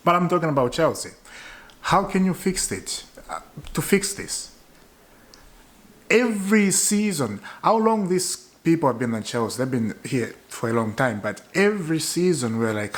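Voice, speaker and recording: A young man ranting to camera as a frustrated football fan. His pitch swings up and down in a lively way, and he circles back and repeats his complaints for emphasis. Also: moderate pace. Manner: exasperated, repeats points for emphasis. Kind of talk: casual fan rant to camera.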